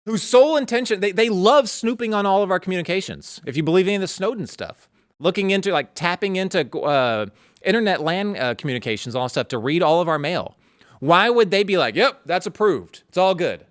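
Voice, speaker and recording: Animated, indignant male co-host. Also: sits high, brisk, smooth, dry recording, studio quality. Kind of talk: casual political chat.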